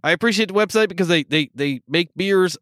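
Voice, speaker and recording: A man's voice: high voice, a little fast, fairly bright tone, no room sound, studio quality. A man co-hosting a podcast in casual chat, joking and laughing often, with a slight New York accent. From upstate New York. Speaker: podcast co-host.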